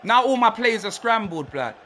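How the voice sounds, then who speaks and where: A young man, commentating on his own football video game with excitable shouts and lots of slang. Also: high-pitched, moderate pace. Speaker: gaming streamer.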